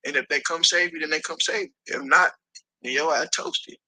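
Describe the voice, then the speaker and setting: A man telling a story as an interview guest, animated and profane, acting out the voices of the people in it. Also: a little high, a little fast, no echo, poor audio.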